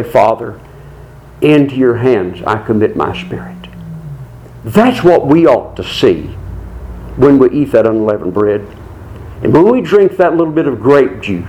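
A man preaching a sermon in an earnest, deliberate way, with slow, dramatic pauses. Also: mid-range voice, a little mellow, rough recording.

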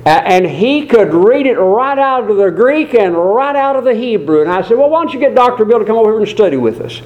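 A man preaching a sermon in a folksy, digressive way, slowing down to stress key words and adding asides and small jokes. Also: high voice, very animated, lo-fi sound.

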